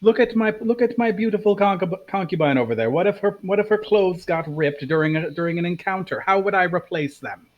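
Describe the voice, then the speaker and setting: A man's voice: sits high, animated, fairly quick, few pauses, muffled recording, a little hiss or hum, pitched above the performer's own voice. A man playing a haughty drow noble who is indignant and pompous.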